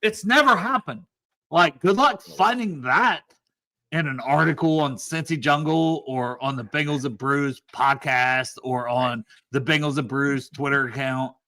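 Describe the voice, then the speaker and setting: A man's voice: fairly high pitch, unhurried, pushed and bright. A man guesting on a football show, ranting sarcastically and swearing heavily. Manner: sarcastic mock-positive rant, heavy swearing. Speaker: podcast guest. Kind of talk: casual sports show chat.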